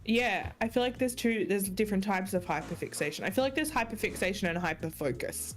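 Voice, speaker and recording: A woman's voice: medium pitch, animated, fairly quick, faint music behind. An Australian woman co-hosting a casual podcast chat, emphatic and playful with her asides. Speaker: podcast co-host.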